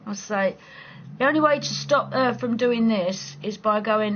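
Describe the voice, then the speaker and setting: A woman's voice: a little high, measured pace, a bit bright. A woman hosting a casual late-night live chat, reading out comments and answering bluntly, swearing and laughing often. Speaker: live-stream host. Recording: slightly dull sound with faint background hiss.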